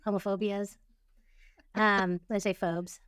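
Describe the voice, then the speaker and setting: A woman co-hosting a podcast in casual chat, teasing with quick replies. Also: medium pitch, little pitch movement, fairly bright tone, clean tone, no room sound, clean studio sound. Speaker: podcast co-host.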